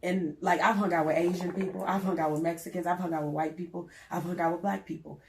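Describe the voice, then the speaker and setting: A young woman in her twenties, a rapper telling stories in a casual interview, loud and animated, swearing and laughing often. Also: on the low side, fast talker, creaky, roomy sound, a little hiss or hum. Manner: loud, animated storytelling with lots of profanity and laughter. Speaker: rapper guest.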